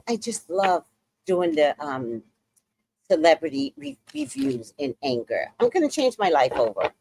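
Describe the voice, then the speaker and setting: A woman's voice: on the low side, gravelly, darkish tone. A woman giving blunt, profane, angry celebrity gossip commentary as a show host.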